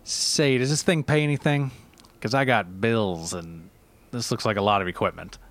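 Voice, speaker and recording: A man voicing a brash, broke single mother who is blunt and sharp-tongued, in a comedy sketch. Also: lowish voice, moderate pace.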